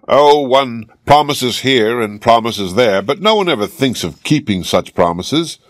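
A man's voice: medium pitch, lively intonation, a little slow, dry recording, clean studio sound, natural voice. A man voicing a rich old father in a fairy tale, persuasive and offhand.

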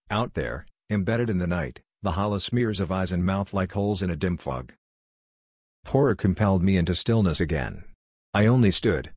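A man narrating a scripted horror story in a measured, solemn first-person telling. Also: deep voice, dry recording, clean studio sound.

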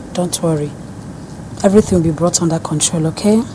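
Actress as a middle-aged mother, soft comfort turning proud and haughty, faint noise. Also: on the low side, normal speed, close to an everyday voice, poor audio. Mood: reassuring. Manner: soothing, then proud and huffy. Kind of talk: film drama acting.

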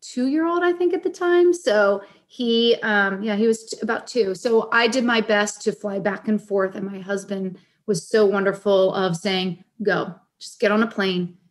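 A woman in her forties talks as a podcast guest, in an earnest and heartfelt way. Her voice sits at a medium pitch. She tells her story in a loose, chatty style over a video call. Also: a little slow, hardly any pauses. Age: 40s. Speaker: guest, caregiver advocate and author. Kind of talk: casual podcast conversation.

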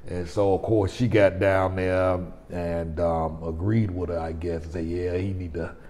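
A man's voice: sits low, level tone, a little slow, a little mellow. A man in his forties hosting his own vlog, telling a personal story in a rambling, conversational way with frequent restarts. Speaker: vlogger host. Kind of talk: casual storytelling to camera. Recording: long reverb.

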